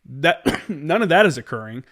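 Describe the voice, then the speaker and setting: Blunt, profane podcast host. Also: male voice, fairly high pitch, big pitch swings, normal speed, fairly bright tone. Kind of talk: casual conversation.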